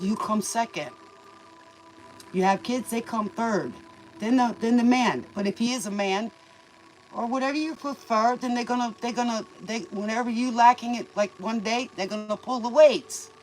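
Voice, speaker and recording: On a roughly recorded livestream, a tarot reader with a fairly high-pitched voice dishes out casual, folksy life advice that turns preachy. She keeps addressing the listener as "baby."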